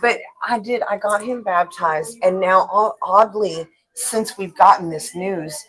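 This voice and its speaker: A woman guest on a live show in casual chat, open and quick to laugh. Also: mid-range voice, a bit bright, poor audio. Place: taco restaurant, live show.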